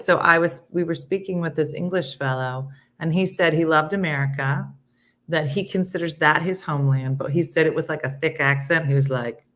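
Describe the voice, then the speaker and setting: Chatty low-voiced woman host. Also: moderate pace. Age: middle-aged. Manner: chatty, animated, reads comments aloud. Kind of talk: casual chat reading viewer comments.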